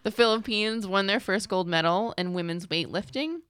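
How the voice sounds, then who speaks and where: A woman's voice: mid-range voice, moderate pace, fairly bright tone, smooth. A young woman hosting a casual chat, reading out news items in a light, chatty way.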